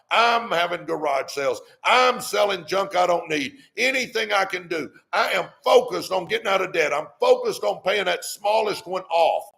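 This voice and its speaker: A man's voice: high-pitched, gravelly, a bit bright. A middle-aged man, hosting a live stream and preaching money advice in a fired-up way that keeps repeating "come on". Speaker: host.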